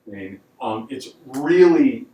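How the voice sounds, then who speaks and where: Speaking slowly in a warm, animated, medium-pitched voice, a man delivers a university class lecture full of ums and stressed words, his manner relaxed and wry. The lecture hall echoes and his voice comes from afar.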